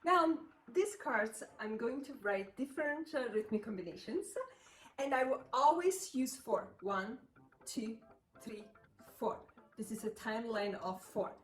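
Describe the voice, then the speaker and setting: A woman's voice: a little high, lively intonation, normal speed. A woman giving a beginner piano lesson, patiently counting beats and chanting rhythm syllables aloud. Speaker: piano teacher.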